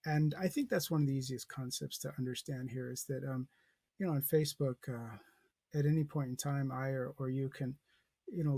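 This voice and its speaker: A man's voice: medium pitch, creaky, mellow, slightly rough, no room sound. A man teaching as a professor, talking his students through a poem in a loose, thinking-aloud way with many fillers and restarts. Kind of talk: poetry lecture with a read-aloud.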